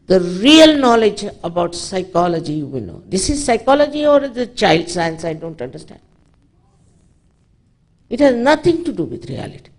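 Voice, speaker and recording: A woman's voice: medium pitch, very animated, moderate pace, a little mellow. Indian woman lecturing on spirituality, indian english accent, emphatic, tells stories w/ little asides. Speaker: spiritual teacher. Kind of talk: public spiritual talk.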